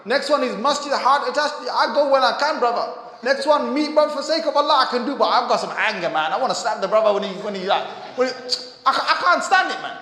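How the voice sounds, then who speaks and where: A man preaching a sermon, mixing joking, self-mocking asides with quiet, earnest appeals. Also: very high-pitched, expressive, fast, few pauses. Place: mosque hall. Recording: echoey mosque hall.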